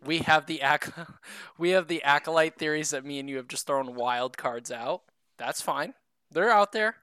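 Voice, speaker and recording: A man co-hosting a podcast in loose, rambling chat, swearing casually and poking fun at himself. His voice is bright and crisp. It is recorded dry and close. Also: fairly high pitch, moderate pace, no echo. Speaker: podcast co-host.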